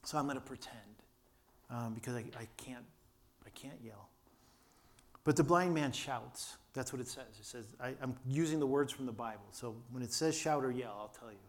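Earnest older man preaching, restrained voice. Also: moderate pace. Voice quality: limited vocal power from vocal cord damage. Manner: storytelling, earnest, with many restarts and quiet low asides. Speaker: pastor. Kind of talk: sermon.

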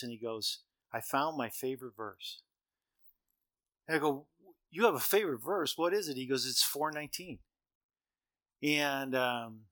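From the stage, a middle-aged man delivers a humorous storytelling talk in a bright, forceful, mid-range voice, keeping it easy and conversational. He takes on the lines of the people he quotes and chuckles at his own jokes, all in a dry, close recording with little room sound.

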